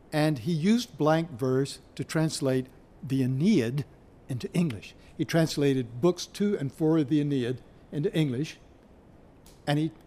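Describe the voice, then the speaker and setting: Slow, measured male literature lecturer. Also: fairly high pitch, mellow. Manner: slow, measured, searching for his place, with pauses. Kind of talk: university lecture.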